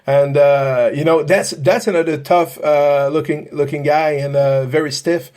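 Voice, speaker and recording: A man's voice: fairly high pitch, fairly even intonation, unhurried, darkish tone. A man hosting a podcast interview, asking long, rambling questions full of restarts and fillers. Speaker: podcast host, paranormal investigator.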